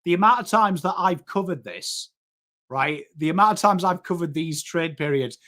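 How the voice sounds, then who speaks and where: A man's voice: on the high side, expressive, normal speed, a bit bright. An English man with a Yorkshire accent hosting a live sports stream, chatty and matey, greeting viewers by name and swearing casually. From England. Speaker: host.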